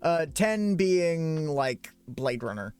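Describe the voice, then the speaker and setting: A man co-hosting a casual podcast chat, animated and laughing often, now and then reading articles aloud. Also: fairly high pitch, slow, clear, resonant tone, faint music behind. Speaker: podcast co-host.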